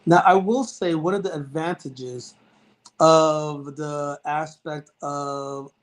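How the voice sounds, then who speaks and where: A middle-aged man psychiatrist answering interview questions, earnest and halting, with frequent restarts and fillers. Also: on the high side, steady tone. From United States. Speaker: child and adolescent psychiatrist, guest.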